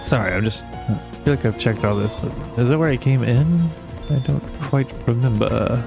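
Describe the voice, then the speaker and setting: Young guy rambling thru stories while he plays a game, swears a lot, voice jumps up when he quotes people, medium voice, bit of music going in the background. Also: vocal fry. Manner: rambling storyteller, swears casually, quick pitch jumps when quoting people. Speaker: gaming channel host. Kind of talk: casual let's-play chat while gaming.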